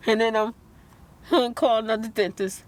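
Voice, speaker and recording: High-voiced woman, upset and rambling. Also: fairly even intonation, moderate pace. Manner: upset, rambling, repeats herself; outbursts of disbelief. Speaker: vlogger. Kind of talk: emotional vlog rant.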